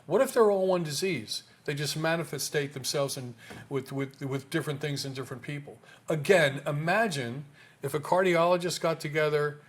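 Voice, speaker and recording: A man's voice: fairly high pitch, moderate pace, slight background noise. A man in an interview talking casually about health research, emphatic, with rhetorical questions and frequent restarts.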